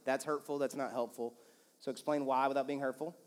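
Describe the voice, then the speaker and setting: Animated preacher in a reverberant hall. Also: male voice, mid-range voice, brisk. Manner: casual, animated, acts out quoted lines. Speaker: pastor. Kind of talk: sermon with couple's banter. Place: church auditorium. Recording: long reverb of a church hall.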